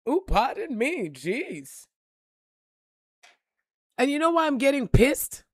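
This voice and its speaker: A woman giving an impassioned, profane motivational talk on a live stream, repeating lines and building to shouts. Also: high-pitched, big pitch swings, slow, no room sound, studio quality. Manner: preachy, profane, rising to shouts.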